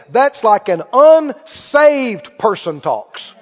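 A male pastor preaching a sermon, animated, putting questions to the congregation and drawing responses. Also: very high-pitched, normal speed. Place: church sanctuary. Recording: muffled, reverberant church hall.

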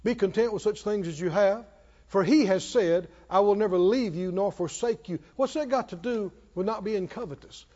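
This preacher has a high, mellow voice and keeps a moderate pace as he addresses a congregation in a church hall. Repeating phrases for emphasis, he prompts them to call back. The recording is echoey, dull, and lo-fi.

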